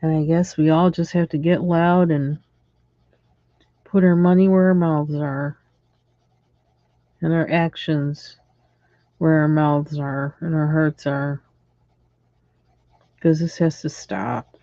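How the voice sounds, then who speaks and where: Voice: medium pitch, steady tone, takes it slowly, pauses often, dark tone, no echo, highs cut off. A livestream host ranting casually and in exasperation while coloring, chuckling between lines.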